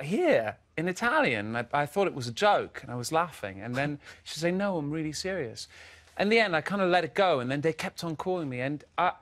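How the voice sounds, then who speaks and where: A man in his thirties, a guest singer on a TV chat show, telling stories with lively quotes of himself and others. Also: fairly high pitch. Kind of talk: casual chat. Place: TV studio sofa.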